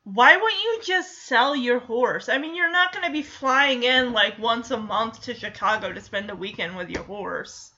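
A woman's voice: a little high, expressive, moderate pace, hardly any pauses, pushed and bright, lo-fi sound. A woman chatting wryly through an episode recap, laughing often and acting out quotes.

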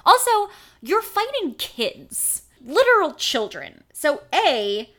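A woman's voice: high voice, sing-song, slow pace, fairly bright tone. A woman co-hosting a podcast in casual chat, sarcastic and swearing, with exasperated asides. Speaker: podcast co-host.

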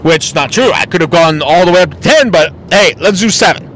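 A young man with a fairly high voice tells a casual, swear-filled story as a podcast host. He talks in an animated way and slips into other people's voices as he goes. His manner is loose and conversational, like a friend recounting his week. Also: fairly quick, slight background noise.

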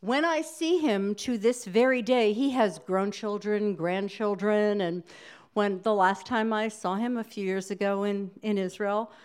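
A middle-aged woman telling a personal story to a live audience, halting and laughing as she goes. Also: medium pitch, steady tone, a little mellow, clear, resonant tone. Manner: halting, self-interrupting, laughing through the telling. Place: small hall before a live audience.

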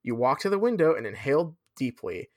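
Brief: podcast host giving a fanfic a dramatic read, very animated delivery, dry close sound. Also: medium pitch, a little fast, no echo. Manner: dramatic reading with swearing asides. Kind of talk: reading fan fiction aloud.

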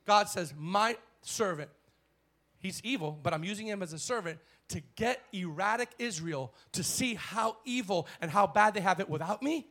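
A male pastor preaching a bold sermon in church, swinging from shouted lines to hushed ones. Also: sits high, lively intonation, normal speed.

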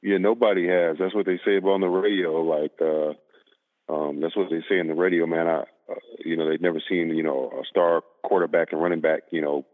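A very deep-voiced male caller heard over a thin, tinny phone line. He talks casually and haltingly, leaning on fillers as he works through his thoughts. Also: level tone. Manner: halting, full of fillers like "you know". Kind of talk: casual sports chat.

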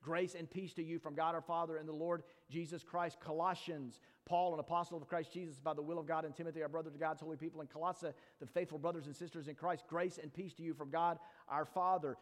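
A man's voice: a little high, flat delivery. Man preaching in a reverberant hall. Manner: reads scripture briskly, then preaches slowly with rhetorical questions; playful asides to the congregation. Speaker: pastor. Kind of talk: sermon.

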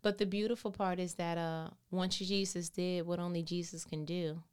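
Animated woman with a smooth voice. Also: lowish voice, normal speed. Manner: animated, laughs often, acts out biblical figures in slang. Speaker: podcast host. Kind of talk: casual faith talk.

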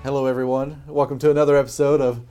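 A man's voice: medium pitch, little pitch movement, quick pace, lo-fi sound, loud music behind the voice. A man co-hosting a casual chat podcast, easygoing and chuckling between remarks. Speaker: podcast co-host, news anchor.

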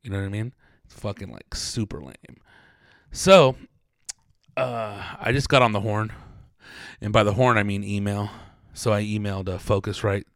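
A man in his forties hosts his podcast in a loose, rambling way, swearing easily as he drifts from one story to the next. His voice sits low and has a gravelly edge. The sound is dry and close, with no room echo. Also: steady tone, moderate pace, pauses often, fairly bright tone. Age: 40s. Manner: rambling, profane, laid-back storytelling. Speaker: podcast host. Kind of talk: casual podcast chat.

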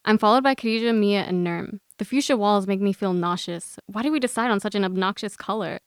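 A young woman reading her personal essay aloud in an earnest, steady way, then talking casually about it as a guest. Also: mid-range voice, fairly quick, clear, resonant tone, no echo, clean studio sound. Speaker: guest author.

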